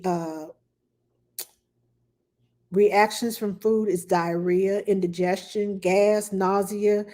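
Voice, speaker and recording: A woman's voice: fairly low pitch, mellow. A woman hosting a casual advice talk for parents, telling stories chattily with many fillers and asides. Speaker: childcare advice host.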